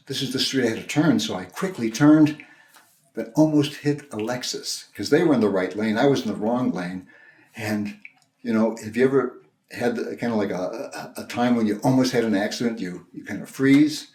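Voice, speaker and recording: An older man, a minister, telling a personal story in a sermon, in a gentle, conversational, halting way with many restarts. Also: fairly low pitch. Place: church sanctuary. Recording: roomy echo.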